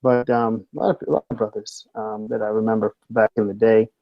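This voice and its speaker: A man chatting casually on a video call, hesitating with lots of fillers as he recalls names. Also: a little fast. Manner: hesitant, many fillers, lively pitch. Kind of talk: casual group chat over video call. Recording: dull lo-fi call audio.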